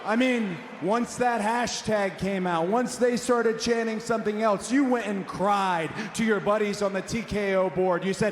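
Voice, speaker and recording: A high-pitched male wrestler needles his rival with mocking sarcasm and sudden shouts. His voice rings through a huge arena with long reverb, with a faint crowd beneath it. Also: steady tone, a little slow, few pauses, a little hiss or hum. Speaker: pro wrestler cutting a promo. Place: large arena.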